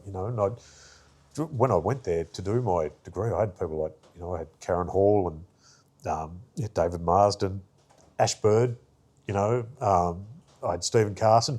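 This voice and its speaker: A man's voice: deep voice, a little mellow, husky. A man, an artist guest, telling stories in a rambling casual way with lots of fillers. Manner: rambling, many fillers, acts out quoted voices. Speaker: artist and arts worker, guest. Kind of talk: casual interview storytelling.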